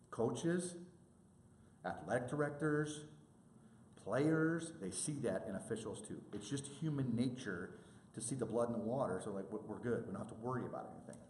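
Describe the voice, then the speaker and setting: A man's voice: medium pitch, normal speed, reverberant, slight background noise. A man giving a presentation to sports officials, telling stories and acting out the people he quotes. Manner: animated storytelling, acts out quoted people.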